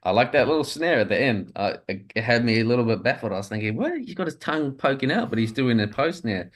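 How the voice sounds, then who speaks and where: A man's voice: mid-range voice, sing-song, fast. A man guesting on a casual livestream chat, upbeat and friendly, calling people brother.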